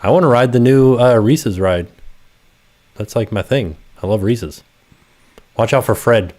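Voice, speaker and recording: A man's voice: medium pitch, a little slow, darkish tone. Man in rambling casual livestream chat. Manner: rambling, trails off and restarts. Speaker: co-host. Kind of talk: casual chat on a live stream.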